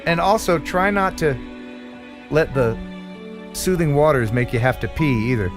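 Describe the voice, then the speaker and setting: Brief: American man hosting a home live stream, animated banter, slightly high voice. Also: moderate pace, music in the background. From United States. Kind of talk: casual chat.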